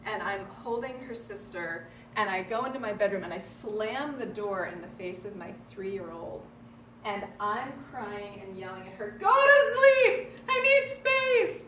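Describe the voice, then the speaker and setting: A woman's voice: medium pitch, normal speed, very noisy. Middle-aged female workshop leader, earnest storyteller, roomy distant sound. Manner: earnest, personal storytelling with laughs. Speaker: parenting workshop host. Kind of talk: live workshop talk to a group. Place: room with an audience. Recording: echoey room, voice from a distance.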